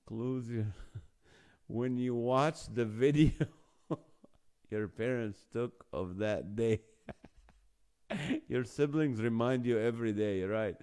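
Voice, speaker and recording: Hosting a live online show, a man from the Holy Land with a Middle Eastern accent chats casually, cracks jokes, and reads viewers' comments aloud with frequent laughter. He speaks slowly in a mid-range voice, pausing often, his tone mellow, clear, and resonant.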